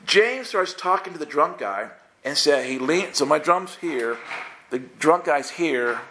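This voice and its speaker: A man telling a humorous personal story to a church group, animated and chuckling as he acts out his own thoughts. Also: a little high, unhurried, slight background noise.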